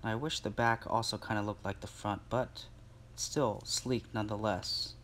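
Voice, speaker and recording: A man's voice: on the low side, fairly even intonation, moderate pace, a bit bright, slight background noise. A man in a casual vlog, chatting to his viewers with lots of fillers while he unboxes something at home. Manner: chatty, filler-heavy, addresses viewers directly. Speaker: vlogger.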